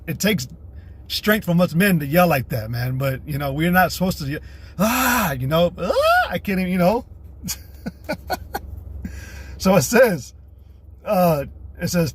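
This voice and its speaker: Husky-voiced man preaching on a livestream. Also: a little high, expressive, moderate pace, long pauses. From United States. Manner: profane, blunt ranting that alternates with reading scripture aloud. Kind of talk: casual livestream preaching with scripture reading. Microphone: streaming setup.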